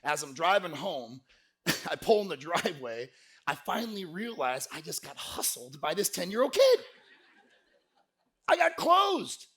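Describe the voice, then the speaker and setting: A man giving a lively motivational sales keynote to a live conference crowd, telling stories and pushing the audience to shout answers back. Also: on the high side, unhurried, long pauses. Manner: energetic, crowd call-and-response; folksy, peppered with "right?". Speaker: sales speaker.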